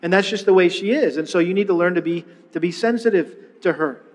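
A middle-aged man preaching a sermon, telling a personal story with lively retellings and frequent restarts. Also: high-pitched, fast talker, in a large hall. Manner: storytelling, animated, with many restarts. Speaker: pastor.

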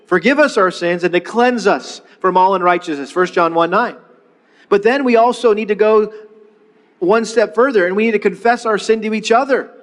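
A middle-aged man preaching a sermon in a conversational way, asking rhetorical questions and leading the congregation to repeat phrases after him. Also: high voice. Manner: leads the congregation in call-and-response repetition. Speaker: pastor. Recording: long reverb of a large hall.

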